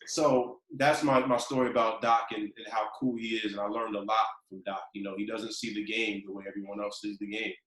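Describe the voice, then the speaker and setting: Male podcast host, lowish voice, animated storyteller, roomy echo. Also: brisk, few pauses. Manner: animated storyteller, acts out quotes. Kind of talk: casual storytelling chat.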